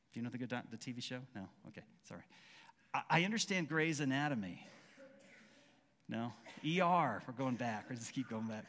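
A man's voice: medium pitch, expressive, a little fast, a bit bright, big-room sound. A man preaching a conversational sermon as pastor, acting out quoted dialogue with frequent restarts.

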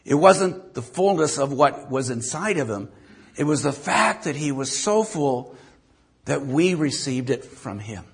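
A man's voice: medium pitch, animated, a little slow, breathy edge. An older man preaching a sermon to his congregation, folksy and self-mocking, with asides to the listeners. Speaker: pastor.

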